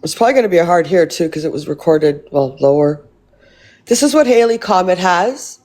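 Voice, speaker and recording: A woman's voice: fairly low pitch, lively intonation, brisk, darkish tone. Woman livestream host, angry rant, blunt, lots of swearing, repeats herself, phone mic.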